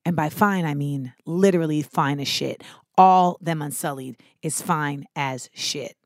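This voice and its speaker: A young woman hosting a podcast, chatting casually and comically, swearing freely and breaking into shouts as she acts out scenes. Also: deep voice, a little slow, dry recording, studio quality. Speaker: podcast host. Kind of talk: casual comedic monologue.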